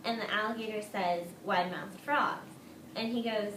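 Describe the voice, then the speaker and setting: A woman's voice: medium pitch, fairly even intonation, moderate pace, a bit bright. A woman playfully telling a joke to friends. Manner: storytelling, playful. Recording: roomy, distant, faint noise.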